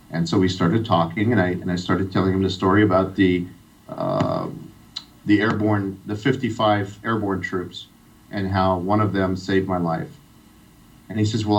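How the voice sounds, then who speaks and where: A middle-aged man from Iran telling a heartfelt personal story as a guest on a radio interview. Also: low voice. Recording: distant, dull radio sound.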